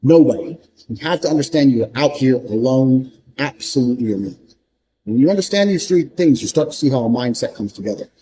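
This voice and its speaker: A man's voice: medium pitch, lively intonation, a little fast, mellow, rough recording. A man giving a blunt, profane motivational monologue, hammering points home through repetition. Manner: repeats points for emphasis. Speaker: motivational speaker.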